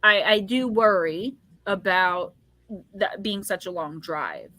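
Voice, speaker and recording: A bright-voiced woman in her forties hosts a casual livestream, chatting straight to viewers and laughing easily. Her voice sits close and dry, with no room around it. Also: mid-range voice, slow, dry recording. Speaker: psychic livestream host. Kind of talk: casual live chat.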